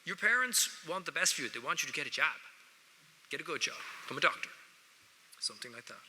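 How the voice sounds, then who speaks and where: A man's voice: on the high side, big pitch swings, quick pace, sharp tone, slightly rough. An Irish man giving a joking, wry speech to students at an award ceremony, talking straight to the audience from a lectern. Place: large ceremony hall. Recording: echoey large hall.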